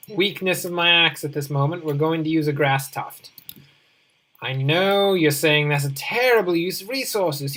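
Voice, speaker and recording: A woman's voice: sits low, fairly bright tone. A woman hosting a game let's play, rambling playfully and chatting to her in-game companion as she goes. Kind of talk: casual gameplay commentary.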